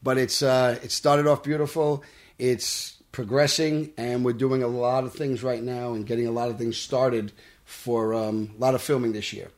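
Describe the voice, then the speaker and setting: A middle-aged man from Brooklyn with a Brooklyn accent, telling animated stories as a guest in a studio interview. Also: mid-range voice, normal speed. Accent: Brooklyn New York. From Brooklyn, New York. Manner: animated storytelling, tough-talking. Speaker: actor guest. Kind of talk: casual interview. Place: podcast studio.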